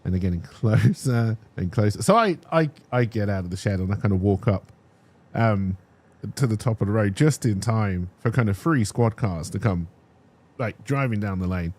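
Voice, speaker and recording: A young streamer tells a casual personal story in an animated way, restarting his sentences and checking in with "right?" His voice is on the low side, at a normal speed.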